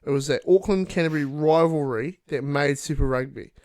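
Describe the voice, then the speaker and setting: A young man with a New Zealand accent, co-hosting a casual podcast chat, laughing often and swearing freely as he tells animated stories. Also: on the high side, a little fast, dry recording, clean studio sound. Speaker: podcast co-host.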